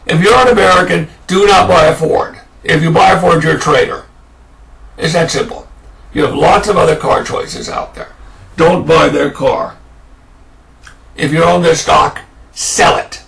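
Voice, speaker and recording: A man's voice: on the high side, a little slow, vocal fry, fairly bright tone, distant mic, a little hiss or hum, low-quality recording. A man delivering an angry, sarcastic political rant as a commentator. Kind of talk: ranting political monologue.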